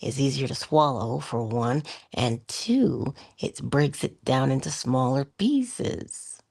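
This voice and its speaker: Low gravelly motivational woman speaker. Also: lively intonation, slow, darkish tone. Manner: conversational, asks rhetorical questions. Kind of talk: inspirational talk.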